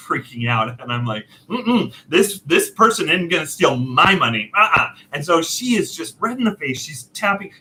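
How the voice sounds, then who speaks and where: A man casually telling a personal story, animated and self-deprecating, laughing often. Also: mid-range voice, poor audio. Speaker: storyteller host.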